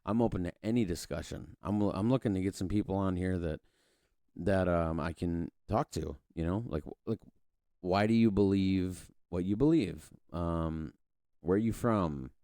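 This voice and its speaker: A podcast host with a low, mellow voice talks at normal speed through a loose political monologue, often restarting and swearing casually. The sound is dry and clean, as from a studio.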